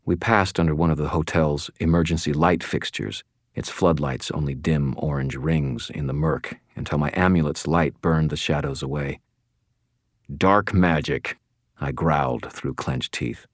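A man narrating a first-person audiobook in a steady, measured storytelling manner. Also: rumbling low, no room sound, studio quality.

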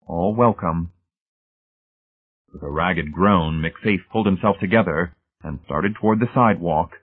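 A man with a very deep voice narrates a novel in a steady, measured way. The sound is thin and band-limited, like it's coming through a telephone. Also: breathy edge. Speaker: audiobook narrator. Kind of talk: scripted narration. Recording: tinny phone-like band.

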